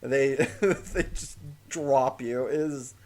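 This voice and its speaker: A man's voice: medium pitch, slow pace. A man co-hosting a casual podcast chat, talking animatedly and swearing freely as he rants. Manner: animated, profane, rants with laughter. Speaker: podcast co-host.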